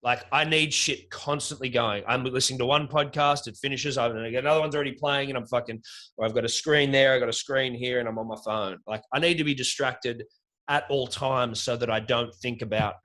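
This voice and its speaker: A man's voice: medium pitch, steady tone, a little fast, pushed and bright. A man with an Australian accent co-hosting a sports podcast, rambling and profane in casual chat. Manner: rambling, profane, self-mocking. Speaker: podcast co-host.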